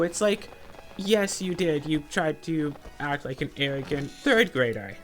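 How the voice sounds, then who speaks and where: A woman's voice: low-pitched, a little slow, faint music behind. A woman hosting a let's-play, ranting sarcastically in casual gameplay commentary.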